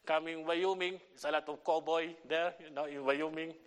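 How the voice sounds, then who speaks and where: A middle-aged man with a Filipino accent preaching a sermon in halting English, with many fillers and restarts. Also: fairly high pitch, fairly even intonation. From Philippines. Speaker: visiting pastor. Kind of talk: church sermon and prayer request.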